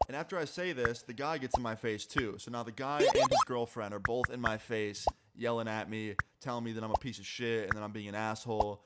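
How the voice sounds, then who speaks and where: A young man telling a casual, animated story on a live stream, swearing freely. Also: medium pitch, a little fast, few pauses. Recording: loud background noise.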